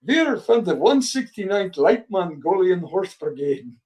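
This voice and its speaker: A man's voice: high voice, sing-song, a little slow, a little mellow, distant mic, pitched above the performer's own voice. An older man voicing a brash German soldier who speaks broken English in a put-on German accent.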